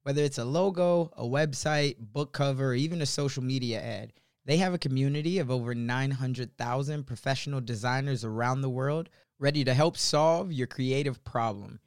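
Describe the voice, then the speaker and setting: A male podcast host with a mid-pitched, smooth, resonant voice. He talks casually into a close microphone, and the sound is dry with no room around it. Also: normal speed, no room sound. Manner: casual, conversational. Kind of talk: podcast interview and read ad.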